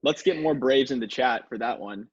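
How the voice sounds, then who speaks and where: A man co-hosting a livestream Q&A, speaking in a halting, hesitant way. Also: medium pitch, slightly rough, no echo, dull audio. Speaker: co-host. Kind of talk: livestream Q&A chat.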